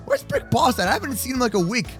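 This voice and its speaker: An excitable man hosts game role-play banter in a high, bright voice. He shouts and uses slang. Faint music plays behind him. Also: quick pace. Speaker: game roleplay host.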